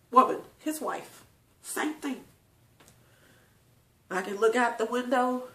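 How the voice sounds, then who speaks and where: A woman's voice: a little high, a bit bright. Tearful woman telling family stories. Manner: tearful, laughing often, talks to viewers. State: crying at times. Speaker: channel host. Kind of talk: emotional personal storytelling. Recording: echoey room.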